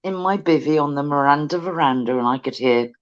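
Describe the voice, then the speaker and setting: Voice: mid-range voice, brisk. A British co-host chatting cheekily on a fishing livestream, telling stories and acting out what other people said. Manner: cheeky, chatty storyteller who acts out voices. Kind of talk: casual chat. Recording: muffled, lo-fi call audio.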